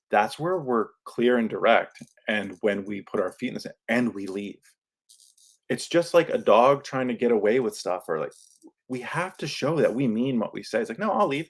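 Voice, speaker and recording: A man hosting a podcast, talking casually in a lively monologue and acting out quoted lines in his own voice. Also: medium pitch. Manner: animated, acts out quoted lines; self-described yelling into a microphone. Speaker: podcast host. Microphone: studio microphone.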